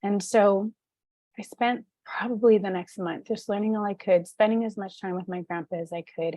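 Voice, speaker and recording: A woman advocate giving an earnest personal testimony, telling her story haltingly with many pauses and fillers. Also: mid-range voice, mellow, no echo. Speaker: suicide prevention advocate and speaker.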